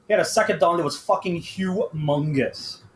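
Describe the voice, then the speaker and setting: A man's voice: a little high, moderate pace. Rambling, swearing young man in an echoey room. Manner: rambling, laughing, heavy swearing. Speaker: podcast co-host. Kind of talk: casual chat. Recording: echoey room with faint background noise.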